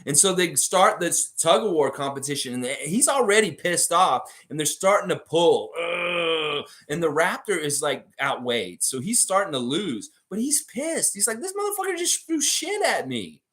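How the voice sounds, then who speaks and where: An animated male host chats with his livestream viewers and spins profane, rambling stories. His voice sits a little high and swings widely in pitch as he talks. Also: normal speed, hardly any pauses. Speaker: fan show host. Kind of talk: casual livestream chat with viewers.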